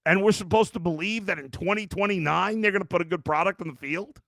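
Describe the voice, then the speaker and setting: Exasperated after the game, this sports podcast host rants, reads chat comments aloud and keeps restarting his sentences. He talks fast in a high-pitched, slightly bright voice, captured at studio quality with no echo.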